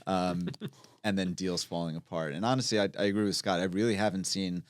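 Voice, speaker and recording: Man, very low voice, earnest explainer, dry studio. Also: fairly even intonation, a little fast, dry recording. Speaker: guest real estate broker. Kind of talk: casual panel talk.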